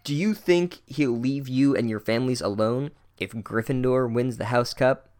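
A man's voice: medium pitch, normal speed, a little mellow, close to an everyday voice. A man voicing a bold teenage boy wizard who talks bluntly and cockily. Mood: defiant. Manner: blunt, cocky.

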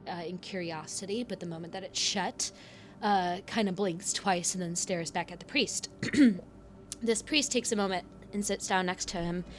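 A woman narrating a tabletop game scene as game master, relaxed and filled with ums and uhs. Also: on the low side, slight background noise.

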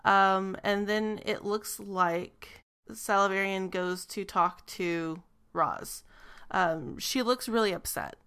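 Woman game master, gravelly smooth voice, halting scene narration. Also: mid-range voice, steady tone, pushed and bright. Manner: descriptive, hesitant with frequent ums.

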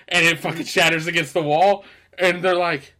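A man's voice: fairly high pitch, fairly even intonation, normal speed, sharp tone. A man co-hosting a podcast in casual chat, swearing, laughing and acting out scenes from shows. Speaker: podcast co-host.

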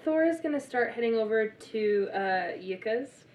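A woman plays her character at a tabletop game, speaking in a soft, hesitant, friendly way. Her voice sits fairly high and sounds distant in an echoey room. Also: animated, moderate pace. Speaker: player. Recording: roomy, distant table mic.

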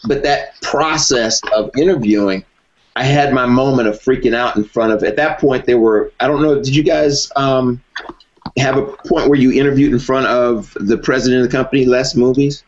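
A man guesting on an interview, speaking at a mid-range pitch. He talks in a measured, easygoing way, leaning on "you know" as he explains. The recording is dull and lo-fi. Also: a little hiss or hum. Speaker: guest, former reality race contestant. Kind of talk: conversational interview.

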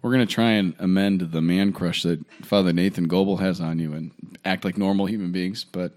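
Man in his thirties, priest-host on a podcast; lowish voice, easygoing rambling banter. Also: steady tone, a little fast, a little mellow. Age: 30s. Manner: joking, rambling, self-deprecating.

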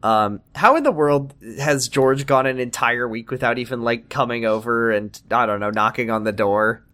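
A man's voice: mid-range voice, normal speed, fairly bright tone. A man co-hosting a casual chat about a TV show. He jokes and acts out the characters' lines, and he laughs often. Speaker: podcast co-host.

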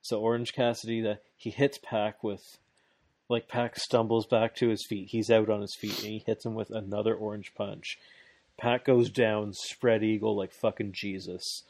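A man in casual chat, recapping a match play by play with excitement, laughing often and restarting his sentences. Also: on the low side, normal speed, no echo.

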